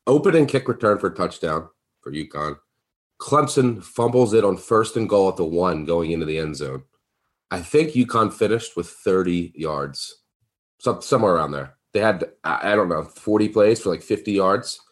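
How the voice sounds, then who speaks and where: A man hosting a sports betting podcast, chatting casually and getting excited in sudden bursts. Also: normal speed. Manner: excitable, big leaps in pitch. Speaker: podcast host.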